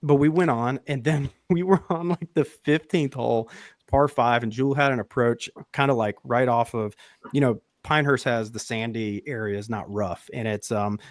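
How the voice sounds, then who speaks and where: A man hosting a podcast, telling a story in a loose, animated way, swearing freely and laughing mid-sentence. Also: mid-range voice, moderate pace, no room sound, clean studio sound. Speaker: podcast host. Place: podcast studio.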